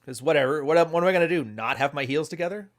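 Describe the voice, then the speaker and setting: A man's voice: on the high side, racing. A man hosting a casual livestream, telling a story in a blunt, profane way. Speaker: commentary host.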